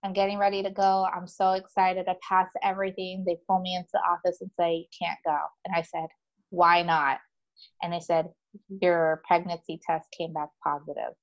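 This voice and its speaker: Her voice on the low side and her pace moderate, a female guest shares a personal story in relaxed conversation. She's chatty and animated, uses lots of fillers, and does the voices of the people in it, though the recording sounds muffled.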